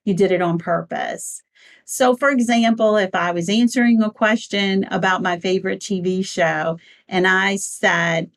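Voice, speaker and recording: A woman teaching how to write and deliver a speech, talking clearly and with emphasis, and her pitch jumps up to stress her points. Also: fairly even intonation, unhurried. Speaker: public speaking coach. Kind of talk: instructional talk on speechwriting.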